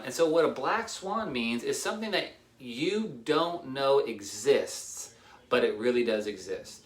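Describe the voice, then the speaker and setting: A man giving casual real estate negotiation tips, energetic, repeating himself and acting out little dialogues. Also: medium pitch, reverberant. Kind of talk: casual talk to camera.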